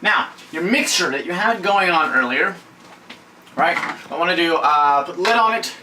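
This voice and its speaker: A man's voice: on the high side, animated, moderate pace. A man hosting a casual home cooking demo, rambling and cracking goofy jokes. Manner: rambling, goofy, joke-telling. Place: home kitchen. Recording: voice from a distance, faint kitchen noise.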